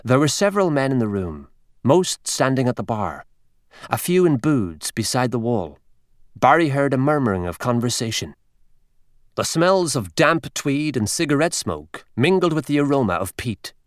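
A man narrating an audiobook in a measured, expressive way. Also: medium pitch, no echo, clean studio sound.

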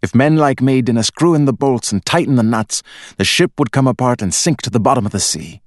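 A man's voice: medium pitch, fairly quick, no room sound, pitched above the performer's own voice, natural voice. Blunt, proud Scottish laborer, voiced by a male narrator, dry close storybook read. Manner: blunt, insistent. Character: proud Scottish shipyard worker, middle-aged man.

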